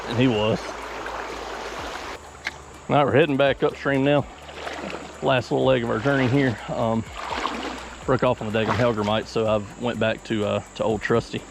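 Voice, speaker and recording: A man's voice: mid-range voice, fairly even intonation, normal speed, creaky, long pauses. A man hosting a fishing vlog, chatting easygoing as he wades and casts in a mountain creek. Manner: easygoing, chatty, talks while casting. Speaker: fishing channel host. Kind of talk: casual outdoor vlog commentary. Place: outdoors wading in a mountain creek. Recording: outdoor field recording with insect noise.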